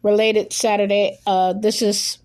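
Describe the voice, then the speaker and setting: A woman's voice: mid-range voice, level tone, a little mellow. A woman hosting her own podcast in casual solo chat, rambling and correcting herself, a little nervous. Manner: rambling, self-correcting, hurried plugs. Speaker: podcast host.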